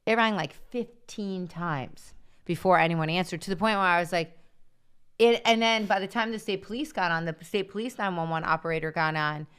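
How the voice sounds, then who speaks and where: A middle-aged woman co-hosting a live stream, telling family stories in an animated, casual way. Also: on the low side, normal speed, smooth. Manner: animated storytelling. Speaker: co-host.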